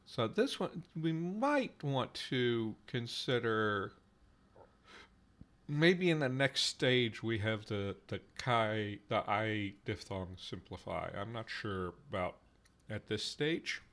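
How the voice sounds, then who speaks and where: A man hosting a language-building stream, slowly thinking aloud and repeating invented word forms over and over to test how they sound. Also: mid-range voice, fairly bright tone. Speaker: conlang show host. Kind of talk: working through examples live on stream.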